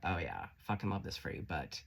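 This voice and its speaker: A man's voice: deep voice, very animated, brisk, creaky, slightly rough. A man giving a casual tarot reading, chatty and encouraging, swearing freely. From Canada. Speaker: tarot reader.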